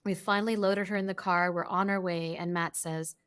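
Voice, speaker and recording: Woman on a podcast, reflective and explaining things, a bit low voice. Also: steady tone, fairly quick, a bit bright, clear, resonant tone. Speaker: guest, relationship coach. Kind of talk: interview answers.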